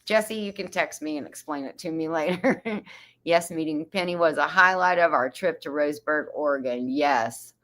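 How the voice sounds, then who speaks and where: A woman's voice: low voice, moderate pace, fairly bright tone. A woman hosting a casual livestream, reading viewer comments aloud, chatty and laughing often. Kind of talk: casual chat.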